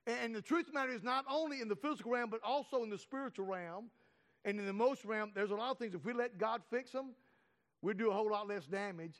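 A man preaching a sermon to a congregation, earnest, with many fillers and restarts, slowing down to read scripture. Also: sits high, big-room sound. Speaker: pastor.

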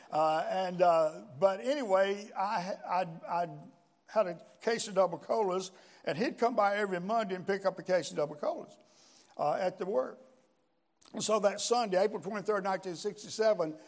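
An older man preaching a sermon, telling his story in a folksy way with frequent amens and pauses. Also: high voice. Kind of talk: sermon with personal testimony.

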